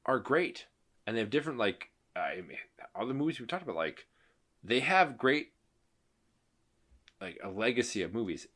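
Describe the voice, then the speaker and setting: A man's voice: moderate pace, pauses often. A man co-hosting a podcast, chatting casually about a movie in a rambling way full of "like". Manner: rambling, lots of "like", animated swings in pitch. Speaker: podcast co-host.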